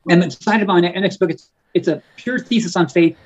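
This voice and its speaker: A man, an author and guest on a podcast, talking in a fervent preaching style, often repeating words and slowing down on key words. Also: high-pitched, highs cut off. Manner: fervent and emphatic, stretching key words slowly; frequent stumbles and repeated words. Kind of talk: preaching-style conversational talk.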